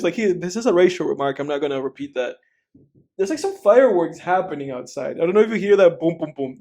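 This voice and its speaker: This high, mellow male voice belongs to a young film podcast co-host. He rambles loosely, curses, laughs often and performs scenes as the conversation drifts along.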